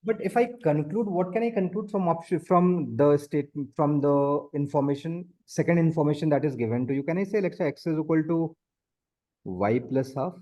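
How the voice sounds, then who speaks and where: A man's voice: a little high, normal speed, dark tone, dull audio. A man tutoring math one on one, explaining step by step and repeating his points. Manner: explains step by step, repeats points, often says the student's name.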